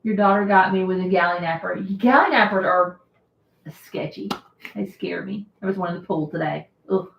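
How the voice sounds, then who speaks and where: A woman's voice: medium pitch, steady tone, moderate pace, gravelly, muffled recording, slight background noise. A woman hosting a casual live stream, chatting and laughing often as she answers viewer comments. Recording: roomy echo.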